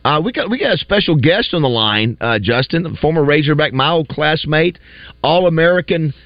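A man's voice: on the high side, animated, normal speed, no echo. A man hosting a sports talk radio show from a studio, chatty, with many uhs and restarts. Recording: slightly dull dry studio audio.

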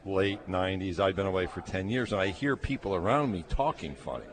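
Deep-voiced man with a Great Lakes accent. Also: a little fast. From New York State. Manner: anecdotal, storytelling with dry humor. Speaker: guest, conference commissioner. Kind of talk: radio interview chat. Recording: crowd chatter behind. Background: crowd chatter.

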